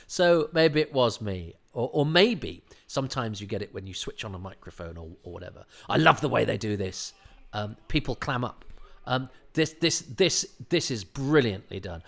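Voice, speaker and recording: Male commentator, mid-pitched, chatty and halting, acts out quotes, relaxed fan commentary. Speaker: commentator on a classic TV serial. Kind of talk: casual commentary chat.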